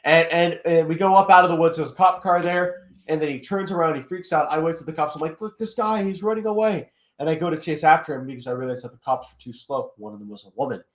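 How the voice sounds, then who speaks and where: A man's voice: on the high side, fast, few pauses. Young man telling a rambling story. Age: young adult. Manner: rambling, heavy on fillers like "basically". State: eye still hurting after an attack. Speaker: guest commentator. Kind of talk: casual interview storytelling. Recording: roomy echoey room.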